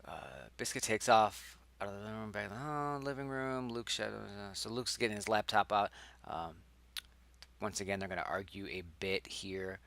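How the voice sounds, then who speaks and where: A young man reading through his own screenplay in casual think-aloud chat, rambling and correcting himself, sometimes dropping to a hushed whisper. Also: lowish voice, moderate pace, gravelly.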